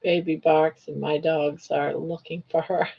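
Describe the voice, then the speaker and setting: Older woman host, unhurried, teasing chat while crocheting, dull lo-fi stream sound. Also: deep voice, level tone, gravelly, husky. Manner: chatty, teasing, laughs often, counts stitches aloud.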